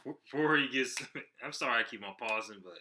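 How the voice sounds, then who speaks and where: A man's voice: medium pitch, a little fast, bright, forceful tone. Chuckling, stammering male reaction host. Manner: laughing often, stammering restarts. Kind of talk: casual commentary.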